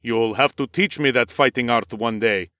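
A man's voice: medium pitch, normal speed, bright, forceful tone, dry recording, studio quality, lightly acted. A man voicing a cheerful male noble warrior who loves battle, speaking in a formal, eager, courtly way in an audiobook. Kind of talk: audiobook character voice.

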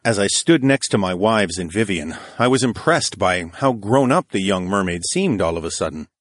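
Male narrator, low voice, steady storytelling, close dry read. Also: normal speed, no room sound. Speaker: audiobook narrator. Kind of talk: first-person audiobook narration.

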